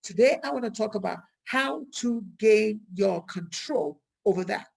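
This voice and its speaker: A woman's voice: mid-range voice, unhurried, vocal fry, breathy edge. A woman vlogger talking casually to her viewers, asking them questions and acting out what people say. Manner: lively, rhetorical questions, acts out quoted speech. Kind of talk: casual talk to camera.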